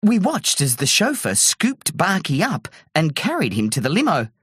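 Animated woman reading a children's story. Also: low-pitched, moderate pace, a little hiss or hum. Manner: animated, swoops between character voices. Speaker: storybook narrator. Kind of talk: read-aloud children's story narration.

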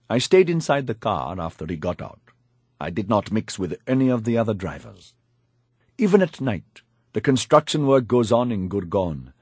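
A man's voice: medium pitch, lively intonation, moderate pace, darkish tone, breathy edge, no echo. A man narrating a first-person audiobook in a wry, confiding storytelling manner, on a close studio mic.

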